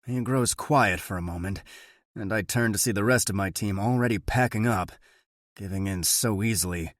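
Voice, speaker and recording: A man narrating a thriller audiobook in the first person, steady and measured. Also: fairly low pitch, no room sound, studio quality.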